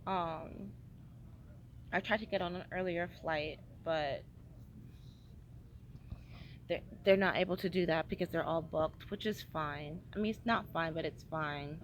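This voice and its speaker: A woman's voice: deep voice, unhurried, pauses often, a little hiss or hum, poor audio. A young woman vlogging a casual travel diary, tired and hungover, rambling with lots of fillers and scolding herself. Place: airport waiting area.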